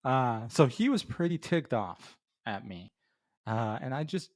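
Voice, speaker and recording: A man's voice: medium pitch, big pitch swings, unhurried. A middle-aged man hosting a beer review show, telling a casual story full of fillers and restarts before giving his rating. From Florida. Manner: rambling with many fillers and restarts.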